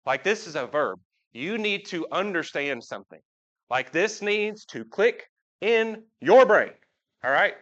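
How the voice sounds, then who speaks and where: Chatty preacher, slightly high voice. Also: male voice, big pitch swings, unhurried, fairly bright tone. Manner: chatty, asks the congregation questions. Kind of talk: casual live sermon. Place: church sanctuary. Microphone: live church recording. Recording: dull lo-fi live church recording.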